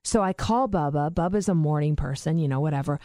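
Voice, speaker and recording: A woman in casual podcast chat, telling an animated story. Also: deep voice, fairly quick, dry recording, studio quality. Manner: animated storytelling, acts out quoted voices.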